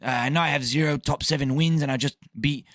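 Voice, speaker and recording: A man's voice: fairly high pitch, fairly even intonation, quick pace, a bit bright, no room sound, studio quality. A man mocking a whiny fighter. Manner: whiny, excuse-making. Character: mock Irish male fighter making excuses.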